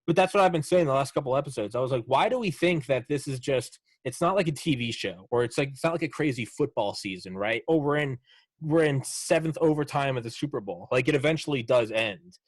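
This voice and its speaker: Podcast host, man, middle pitch, dry close sound, loose sarcastic delivery that swears freely. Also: a little fast, no room sound. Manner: animated, swearing, sarcastic riffs. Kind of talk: casual chat.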